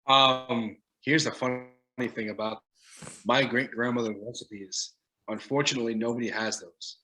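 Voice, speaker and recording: Long Island guest cook, bright, forward voice, easygoing talker. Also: male voice, mid-range voice, fairly even intonation, moderate pace, poor audio. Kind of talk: casual chat.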